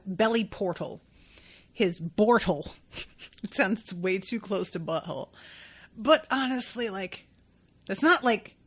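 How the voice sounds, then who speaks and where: Woman host, relaxed recap talk, loose and profane, mid-range voice. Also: medium pitch. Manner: chatty and profane, with laughs and asides. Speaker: podcast host. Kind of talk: casual episode recap.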